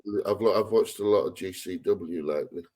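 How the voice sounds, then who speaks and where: A man's voice: sits low, fairly quick, darkish tone. A man co-hosting a wrestling podcast, giving blunt opinions with frequent laughs and restarts. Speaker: podcast co-host. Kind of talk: casual wrestling chat.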